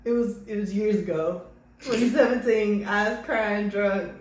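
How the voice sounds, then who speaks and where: A woman's voice: mid-range voice, steady tone, normal speed. A woman hosting a podcast in casual chat, blunt and profane, laughing easily as she talks. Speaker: podcast host. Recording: echoey room with faint background noise.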